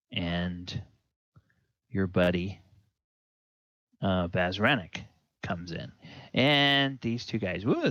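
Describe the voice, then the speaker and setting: A man's voice: low voice, fairly bright tone, no echo, lo-fi sound. A man narrating as dungeon master in a rambling way, full of fillers. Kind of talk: narrating a tabletop game.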